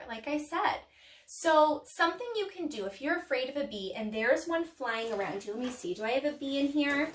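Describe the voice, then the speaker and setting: A woman teacher giving a playful, animated lesson to young children, with dramatic pauses. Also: high-pitched. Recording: echoey room, mic far off.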